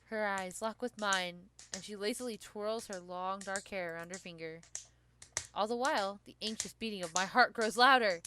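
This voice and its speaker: A woman's voice: mid-range voice, moderate pace, sharp tone, slight background noise. A woman hosting a let's play, reading the game text aloud with giggles and playful drama.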